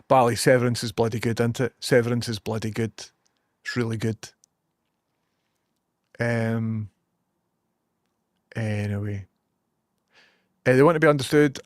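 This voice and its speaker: A man's voice: medium pitch, dry recording, studio quality. A man with a Scottish accent chatting casually to his stream, swearing and joking as he tells stories and reads messages. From Scotland.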